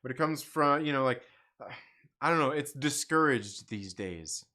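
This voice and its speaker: A man's voice: medium pitch, animated, measured pace, pushed and bright. A man hosting a live stream, ranting casually and rambling with lots of fillers, frequent laughs and swearing. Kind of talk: casual opinion rant.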